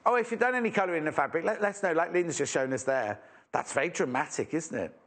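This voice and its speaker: A man's voice: a little high, expressive, fast talker, a bit bright. A man from England presenting a live sewing shopping show, chatty and enthusiastic with self-mocking asides. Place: TV studio.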